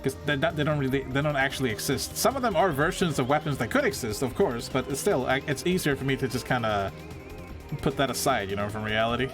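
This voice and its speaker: A man's voice: medium pitch, fast talker, music in the background. A man casually chatting and rambling while streaming a video game, often restarting his sentences. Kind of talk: casual live game commentary.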